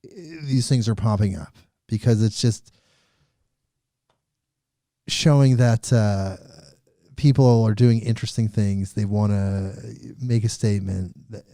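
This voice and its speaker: Chill podcast guy rambling n joking, warm mellow voice, dry sound. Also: fairly low pitch, slow, long pauses, no echo. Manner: laid-back, rambling, joking. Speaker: podcast host. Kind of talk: casual chat.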